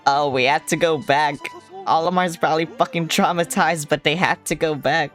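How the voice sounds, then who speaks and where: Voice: medium pitch, fairly even intonation, normal speed, a bit bright, soft background music. A streamer giving casual live commentary over a video game, sarcastic and swearing often.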